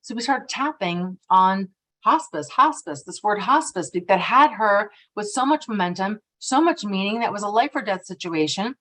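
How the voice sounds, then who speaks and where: A middle-aged woman presenting a workshop on energy tapping, lively and expressive, often checking in with "right?". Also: medium pitch, moderate pace. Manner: lively and expressive, acting out quoted voices; frequently ends points with a questioning "right?". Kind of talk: workshop talk.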